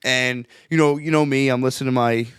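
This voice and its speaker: A man's voice: mid-range voice, steady tone, a bit bright, clean tone, no room sound, studio quality. Earnest man with a cracking voice. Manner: earnest, reflective, halting restarts. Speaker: podcast co-host. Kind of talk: casual podcast chat.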